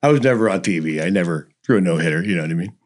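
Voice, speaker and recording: Racing along with lively intonation, the man's low voice has a slightly mellow color. He's a middle-aged barbecue business owner chatting as an interview guest, rambling through folksy tales and dropping plenty of "you know"s.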